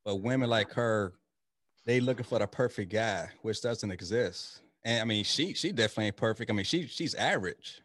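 A man's voice: on the low side, fairly quick, fairly bright tone, no echo. Rambling man hosting a podcast. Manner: loose, rambling, with many restarts and fillers. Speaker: podcast host. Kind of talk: casual podcast chat.

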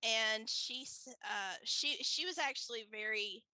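Bright, chatty woman telling a story. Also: fairly high pitch, a little slow, no echo, rough recording. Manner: chatty, laughs often, many fillers. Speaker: guest. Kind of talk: casual storytelling interview.

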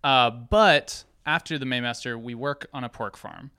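Young man, from the Atlanta area, animated personal storytelling, laughs at himself, bright voice, clear and dry. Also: mid-range voice, moderate pace, dry recording. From Atlanta area, United States.

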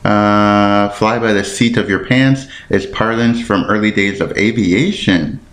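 A man with a fairly low pitch and a fairly bright tone speaks a little slowly in a reverberant space. Hosting a casual podcast by himself, he rambles and thinks aloud while looking things up, fumbling words and apologizing self-deprecatingly.

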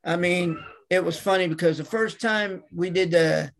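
A man's voice: sits high, moderate pace. A middle-aged man, a guest on an interview, telling casual anecdotes and acting out other people's lines. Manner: acts out the voices of people in his stories. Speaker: interview guest, wrestler and manager.

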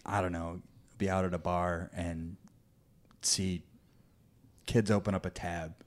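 Male podcast co-host, lowish voice, profane ranter. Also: little pitch movement, measured pace. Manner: ranting, profane. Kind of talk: casual chat.

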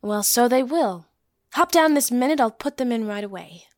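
A woman's voice: a little high, lively intonation, normal speed, dry recording, clean studio sound, close to an everyday voice. A woman voicing a tender young woman who cares for a small boy, emotional and at times whispering, in an audio play reading.

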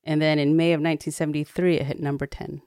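A woman co-hosting a podcast, relaxed as she tells the history with many fillers. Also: sits low, quick pace, clean tone, no echo, studio quality. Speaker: podcast co-host. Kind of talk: casual chat.

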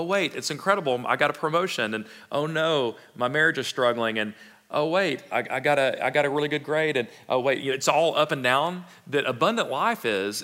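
A man preaching from the front of a church, his voice bright and forceful. He talks in a casual, animated way, breaking off into quick asides and restarts. The sound carries a long reverb from a large hall. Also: mid-range voice. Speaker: pastor. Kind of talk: sermon.

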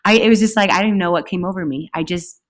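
A woman guest telling a story in a casual, animated way, with sudden shouted bursts. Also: fairly low pitch, fast talker. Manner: animated, breaks into loud shouted outbursts. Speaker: podcast guest.

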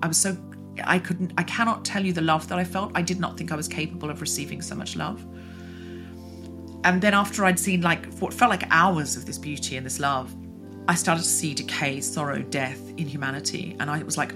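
Low-pitched lady podcaster, earnest and halting, music under her. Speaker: podcast host. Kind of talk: casual chat.

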